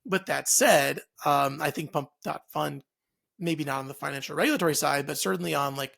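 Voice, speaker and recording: A male podcast co-host chats casually about the news. His voice sits a bit high and carries a steady gravelly fry. He thinks aloud, circling back with fillers and self-corrections. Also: brisk. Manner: loose and chatty, many fillers and restarts.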